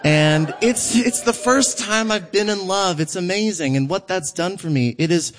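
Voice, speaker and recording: A young man performing a stand-up comedy set on a live theater stage, animated and laughing often as he acts out quotes. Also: sits high, moderate pace.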